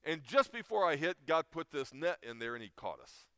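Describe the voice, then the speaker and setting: A man's voice: fairly high pitch, sing-song, moderate pace, bright, forceful tone, smooth, no echo, studio quality. Emotional middle-aged man telling a story. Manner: emotional storyteller with many restarts. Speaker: chapel speaker. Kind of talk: informal chapel talk.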